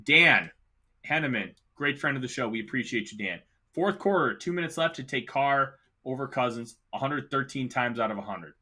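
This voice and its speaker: A man's voice: medium pitch, expressive, moderate pace, pushed and bright. A man hosting a casual sports talk show, giving emphatic, opinionated takes with the hiccups. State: has the hiccups. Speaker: podcast host.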